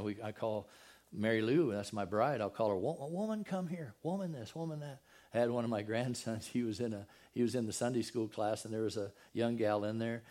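A man's voice: medium pitch, a little mellow. An older man, preaching a sermon in a conversational way and often asking his listeners rhetorical questions. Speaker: pastor.

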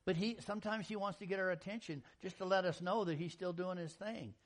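A man preaching a sermon in a folksy, animated storytelling style, acting out quotes and jokes. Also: high voice, a little fast. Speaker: pastor.

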